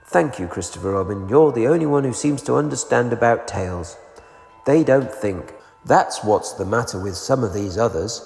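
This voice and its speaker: A man voicing a gloomy, grumbling old male donkey with a slow, mournful drawl, reading a storybook aloud. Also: medium pitch, lively intonation, vocal fry, a little mellow, soft background music. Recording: echoey room with reverb.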